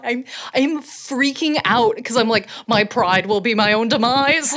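A woman's voice: on the high side, a little fast, hardly any pauses, a bit bright. A young woman from Canada co-hosting a podcast, telling a casual story with laughs and swearing. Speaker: podcast co-host.

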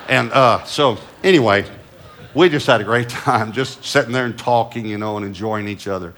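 A middle-aged man preaching a sermon and telling a personal story, moving between loud emphatic lines and soft hushed asides. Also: fairly low pitch, fairly quick. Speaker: pastor.

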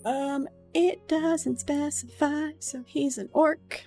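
A woman running a tabletop game as dungeon master, narrating in a relaxed, chatty way with fillers. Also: high-pitched, slow, faint music behind.

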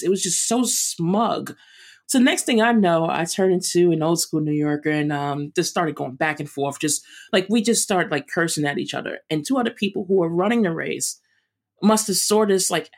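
Animated New York woman telling a story. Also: lowish voice. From New York City. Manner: animated, emphatic, quick bursts with restarts. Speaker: guest, runner and chef. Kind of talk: storytelling interview.

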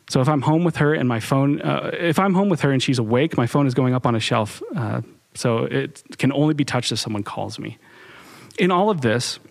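A young adult man giving a candid, conversational talk to a live online chat, reflecting personally with frequent ums and restarts. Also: medium pitch. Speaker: speaker leading an online group.

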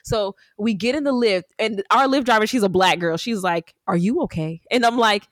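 Podcast host, female, animated storyteller, everyday pitch, close dry mic. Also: normal speed, dry recording. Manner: animated storyteller acting out quotes, frequent "like". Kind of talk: casual storytelling chat.

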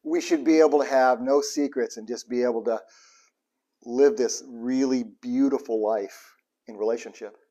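A man's voice: mid-range voice, fairly even intonation, moderate pace, mellow. Irreverent joking male preacher. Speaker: pastor. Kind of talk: sermon.

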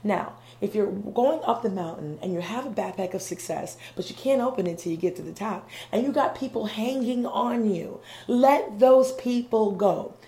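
A woman hosting a podcast, giving an earnest motivational monologue in a conversational way, often checking in with "okay?" and "right?" and sometimes dropping to a soft whisper. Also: medium pitch, normal speed, hardly any pauses. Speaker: podcast host. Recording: roomy with faint background hum.

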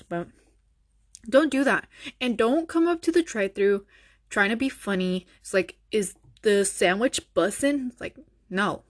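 A woman's voice: fairly high pitch, no room sound, clean studio sound. A young woman hosting her own podcast, ranting bluntly and sarcastically with lots of swearing. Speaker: podcast host. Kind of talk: solo podcast rant.

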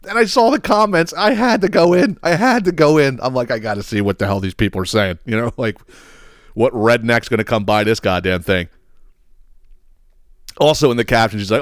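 A man's voice: medium pitch, a little fast, no echo, studio quality. Profane rambling male podcast host. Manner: profane, rambling, stammering repeats. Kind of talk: casual solo podcast monologue.

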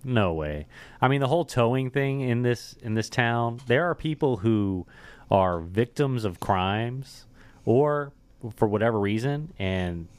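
A man hosting a talk show, speaking in a matter-of-fact way and quick to joke. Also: mid-range voice, expressive, clean tone, dry recording. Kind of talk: casual talk show chat.

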